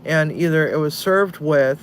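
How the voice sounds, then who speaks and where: Tired guy rambling about food, kinda high voice, swears a lot, faint hum behind. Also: unhurried. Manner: chatty, swears, laughs often. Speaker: cooking channel host. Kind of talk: casual chat.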